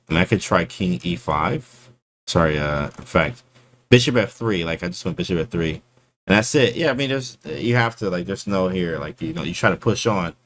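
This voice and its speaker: A man casually breaking down his chess game for his stream chat, slangy and animated, often calling people bro. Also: on the low side.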